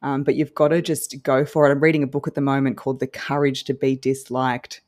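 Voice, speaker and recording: Woman, deep voice, polished newsreader delivery, upbeat coaching tone. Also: level tone, brisk, a little mellow. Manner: upbeat, encouraging. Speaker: guest social media coach. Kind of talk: podcast advice conversation.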